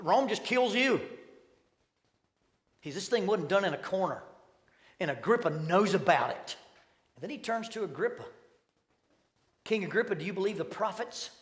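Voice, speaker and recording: A middle-aged man preaching a sermon, telling stories and acting out voices with sudden loud bursts. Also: high-pitched. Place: church sanctuary. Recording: long hall reverb.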